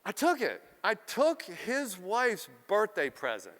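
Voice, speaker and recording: A middle-aged man from South Philadelphia giving a live keynote talk, animated and profane, acting out the quotes in his stories. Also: sits high, slow pace, long reverb tail. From South Philadelphia, USA. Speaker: keynote speaker.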